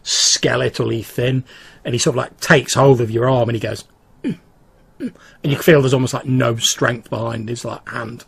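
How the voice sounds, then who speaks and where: A man's voice: mid-range voice, fairly even intonation, brisk, vocal fry, husky. A man narrating a tabletop game as game master, hesitant and full of fillers.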